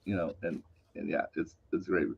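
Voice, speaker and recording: A man's voice: deep voice, steady tone, normal speed, vocal fry, husky. A man co-hosting a casual talk show, joking and chiming in with teasing remarks. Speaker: co-host. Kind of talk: casual podcast chat. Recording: dull lo-fi sound.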